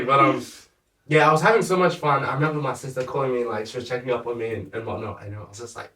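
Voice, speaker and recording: A young man, a podcast guest, chatting casually with a relaxed, laughing manner and a lot of "like". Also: medium pitch, quick pace. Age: young adult. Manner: laid-back, laughs often, lots of "like". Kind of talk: casual chat. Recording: echoey room, mic at a distance.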